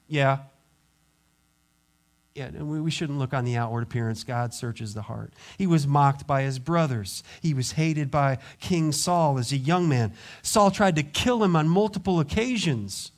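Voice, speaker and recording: A pastor preaching a sermon, acting out quoted voices and dropping to quiet intensity. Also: male voice, a little high.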